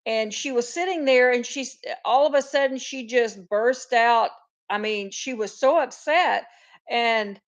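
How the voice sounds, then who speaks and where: A woman's voice: a little high, unhurried, highs cut off. A woman hosting a casual live chat, telling long rambling stories and greeting viewers by name. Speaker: host of a live farm chat.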